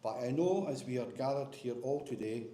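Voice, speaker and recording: A man's voice: mid-range voice, animated, moderate pace, mellow. A man giving a eulogy for his aunt at a memorial service, friendly with light humor. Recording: echoey hall with faint noise.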